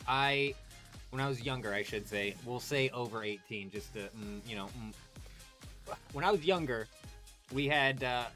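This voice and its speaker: Casual, swearing young man streamer. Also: medium pitch. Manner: animated, swears a lot, talks to chat by name. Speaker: livestream host.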